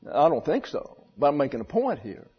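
A man's voice: on the high side, very animated, fairly quick, slightly rough. A man preaching a sermon to his church in a blunt, wry way, asking his listeners questions. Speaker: pastor. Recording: dull echoey church recording.

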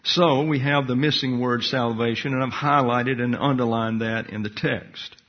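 Husky man teaching scripture methodically. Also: medium pitch, fairly even intonation, normal speed. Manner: methodical, enumerating points and parsing Greek words. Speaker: bible teacher. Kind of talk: expository Bible teaching. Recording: dull lo-fi recording.

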